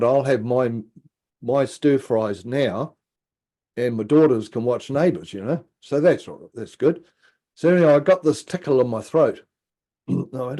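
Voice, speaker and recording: On a podcast, a middle-aged guest relates a story from his own life at a measured pace, voicing the quotes and now and then lowering his voice for an aside. The telling is casual and lively.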